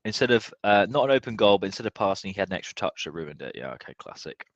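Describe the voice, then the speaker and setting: Excitable sweary football fan. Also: male voice, lowish voice, fast, no echo, highs cut off. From United Kingdom. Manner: excitable, sweary, swings from muttering to yelling. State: tipsy. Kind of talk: live match watchalong reaction.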